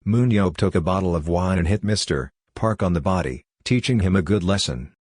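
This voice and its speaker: A man narrating a comic story recap in a steady, even scripted read. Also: deep voice, fairly quick, no room sound, clean studio sound.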